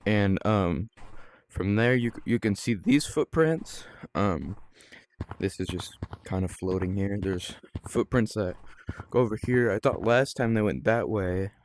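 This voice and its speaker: A man with a fairly low voice hosts his own gaming video and talks casually while he plays. He rambles, stacks up ums and restarts, and often lets his sentences trail off. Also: lively intonation, unhurried. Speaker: gaming channel host. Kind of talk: casual gameplay commentary.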